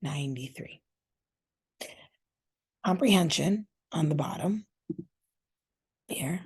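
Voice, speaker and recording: A woman teacher talks viewers through scoring a reading fluency test, thinking aloud as she works on screen and calling them "you guys" in a casual, chatty way. Her voice sits on the low side, warm and slightly rough, with vocal fry. She speaks expressively and unhurriedly, leaving long pauses.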